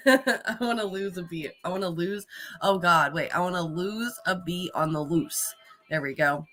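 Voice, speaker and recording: A woman's voice: fairly low pitch, lively intonation, takes it slowly, pauses often, sharp tone. A woman chatting casually on a live stream, laughing often and swearing freely.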